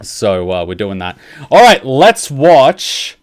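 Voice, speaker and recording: An excitable man reacting to game trailers, gushing and swearing like a big fan. His voice sits mid-range, and the sound is dry and close. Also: medium pitch, slow, dry recording. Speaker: reaction video host. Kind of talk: casual reaction commentary.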